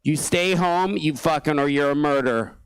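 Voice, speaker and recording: A man's voice: fairly high pitch, normal speed, clear, resonant tone, poor audio. Ranting profane male stand-up comic. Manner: angry ranting, profane, laughs at own jokes. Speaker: stand-up comedian. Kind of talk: stand-up set. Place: small theatre stage.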